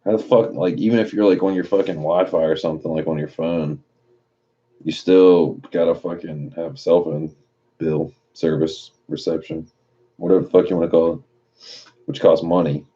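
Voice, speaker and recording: A man's voice: low-pitched, steady tone, normal speed, muffled recording. A man live streaming late at night in a casual, profane way, reading chat messages aloud and riffing on them.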